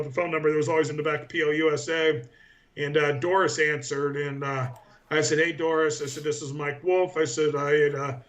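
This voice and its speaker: Bright-voiced man telling stories. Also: on the high side. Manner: rambling anecdotes with many fillers. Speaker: interview guest, powerlifter. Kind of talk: casual storytelling interview.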